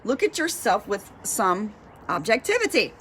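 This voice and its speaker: A woman's voice: mid-range voice, very animated, moderate pace, a bit bright, slight background noise. A woman fitness coach giving a passionate motivational talk, fired up and repeating her points for emphasis.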